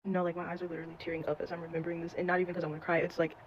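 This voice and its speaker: A woman telling a personal scary story in a casual, animated way, full of slang and swearing. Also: fairly low pitch, rapid-fire. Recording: dull lo-fi with faint noise.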